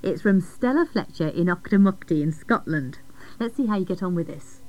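A woman co-hosts a radio show and introduces items briskly, with a teasing edge. Her intonation rises and falls in a lively way. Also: on the low side, rough recording. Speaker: children's radio co-presenter. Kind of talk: casual presenter banter.

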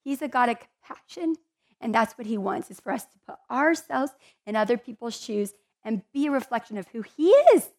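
A woman's voice: a little high, sing-song, normal speed, darkish tone. A woman giving a conversational Bible teaching in an earnest, heartfelt way, with chatty asides to her listeners.

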